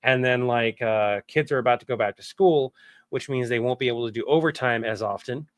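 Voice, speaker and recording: A man's voice: medium pitch, fairly quick, dry recording. A man chatting casually on a livestream from his home setup, rambling candidly and swearing now and then. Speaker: streamer and voice actor.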